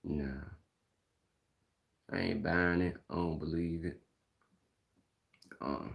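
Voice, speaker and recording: On a live stream, a middle-aged man from Mississippi talks in a Southern accent, bluntly and casually, restating his points in slang. He takes it slowly, with a low-pitched, steady voice and vocal fry.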